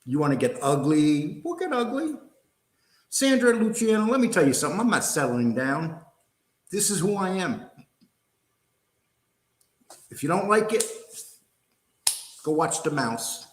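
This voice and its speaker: A man's voice: fairly high pitch, lively intonation, unhurried, long pauses. An older man hosting a livestream, ranting angrily in a profane, combative, mocking way. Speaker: host. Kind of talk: angry livestream rant. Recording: roomy echo.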